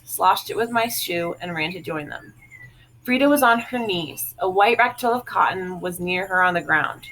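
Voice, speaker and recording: A woman reading a literary novel aloud in a measured, even way. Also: medium pitch, a little hiss or hum, rough recording. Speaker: audiobook reader.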